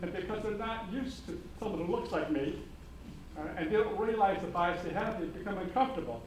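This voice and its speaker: A man speaking on a panel discussion, animated and engaging the audience with humor and questions. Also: high-pitched, fairly quick, slight background noise, rough recording. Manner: animated, audience-engaging, uses put-on voices for quoted people. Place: conference hall.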